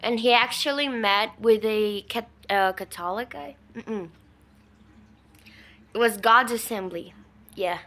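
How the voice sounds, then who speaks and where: Bright-voiced woman rambling casually. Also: a little high, takes it slowly, long pauses. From Brazil. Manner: rambling, filler-heavy, swears emphatically. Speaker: vlogger. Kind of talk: casual storytelling.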